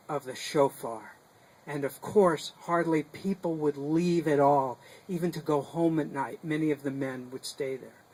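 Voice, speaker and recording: A man tells a folk tale to a small group gathered in a sukkah, speaking slowly with a slightly high voice. He is dramatic and animated, dropping to a hush and then rising again. The talk is live and unscripted. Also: poor audio. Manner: dramatic, animated, with sudden shifts in loudness. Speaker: storyteller. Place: sukkah, a small outdoor booth.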